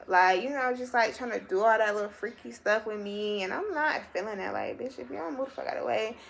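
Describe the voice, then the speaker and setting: A young adult woman telling a personal story to her viewers in a casual, animated and very profane way. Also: on the high side, fast, gravelly, slight background noise. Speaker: vlogger.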